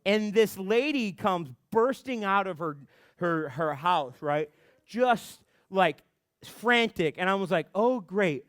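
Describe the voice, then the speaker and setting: A young man speaking as a youth pastor, telling a funny story to a group with lots of fillers and quick restarts. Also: high voice, no room sound, studio quality. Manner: animated storytelling with many fillers.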